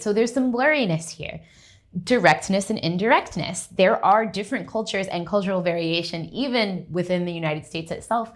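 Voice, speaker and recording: Animated young woman lecturing on linguistics. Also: lowish voice. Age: young adult. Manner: lively, conversational, often checks in with "right?". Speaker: linguistics professor. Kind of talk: conference lecture.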